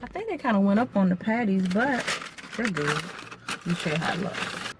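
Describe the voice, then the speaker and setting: A woman's voice: medium pitch, animated, a little fast. A woman vlogging casually outdoors, chatting straight to her viewers. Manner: chatty, addresses viewers directly. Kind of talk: casual vlog narration. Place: outdoors among traffic and shops. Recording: loud traffic and street noise.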